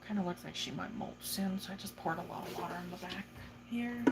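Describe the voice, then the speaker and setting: A woman's voice: fairly low pitch, fairly quick, heavy background noise. A young woman casually chatting on a livestream while tending her tarantulas, swearing freely and cooing at her spider. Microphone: phone.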